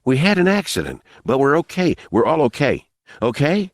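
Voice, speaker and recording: A jumpy teenage boy, played by a man, calls out high and anxious, his voice pushed well above the narrator's. The sound is dry and close, read for a storybook. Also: sing-song, normal speed, dry recording, close to an everyday voice.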